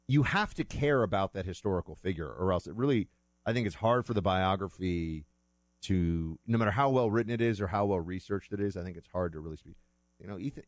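A man's voice: fairly low pitch, no echo. A man talking casually as a host, rambling and correcting himself as he goes, with the odd chuckle. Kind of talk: casual monologue.

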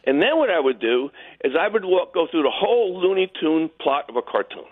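Male caller, high-ish and very lively pitch, jokey storyteller, heard over a thin phone line. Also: a little fast. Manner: animated joke-telling, acts out quotes in voices. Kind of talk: storytelling on a call-in show. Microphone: telephone.

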